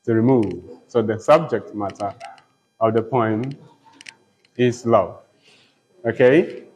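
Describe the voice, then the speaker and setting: A man teaching a poetry lesson, speaking slowly and repeating key points, often checking in with "okay?" and "all right?". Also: fairly low pitch, a little mellow, rough recording. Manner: slow, repetitive, checks in with "okay?". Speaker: literature teacher. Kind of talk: classroom lecture.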